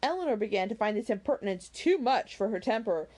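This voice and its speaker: A woman's voice: mid-range voice, lively intonation, quick pace, darkish tone. Brief: casual, chatty woman reader, friendly asides, self-deprecating. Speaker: reader of an audiobook series. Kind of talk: reading a novel aloud and chatting about it.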